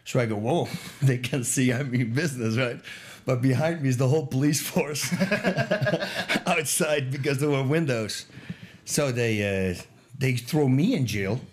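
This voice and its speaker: A man telling a story on a podcast, animated and laughing as he goes. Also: medium pitch, unhurried. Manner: animated, laughs through his own story. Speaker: podcast guest. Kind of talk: casual storytelling.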